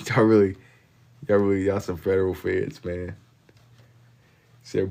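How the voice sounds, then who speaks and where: Deep-voiced laid-back streamer guy. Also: flat delivery, unhurried, gravelly, pauses often, mellow. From Kentucky. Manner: laid-back slang-heavy banter, reading and answering chat. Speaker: livestreamer. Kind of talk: casual chat with live viewers while drawing.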